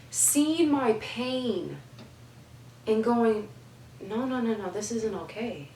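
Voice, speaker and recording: A woman's voice: on the high side, lively intonation, slow, darkish tone, roomy sound, recorded from a distance, slight background noise, rough recording. A young woman giving heartfelt life advice in an emphatic way, repeating phrases for stress. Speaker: advice vlogger.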